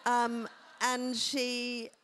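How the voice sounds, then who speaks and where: A woman's voice: a little high, monotone, very slow, fairly bright tone, slight background noise. Rambling woman co-host. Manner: chatty, rambling, with many fillers and self-interruptions. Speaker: podcast co-host. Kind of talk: casual chat on stage. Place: theatre stage, live show.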